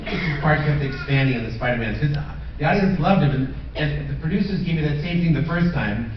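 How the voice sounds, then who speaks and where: A man's voice: on the high side, expressive, a little hiss or hum. A man in his sixties speaks on a convention panel, restarting his sentences as he goes. His voice is distant and muffled, lost in the long echo of a big hall. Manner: halting, repeats words as he starts. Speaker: panel guest, film director. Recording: echoey hall, far off, muffled.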